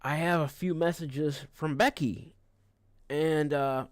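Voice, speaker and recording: A man's voice: a little high, steady tone, takes it slowly, dry recording, clean studio sound. A man streaming a casual rant, rambling and cursing, with frequent restarts. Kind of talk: casual ranting livestream.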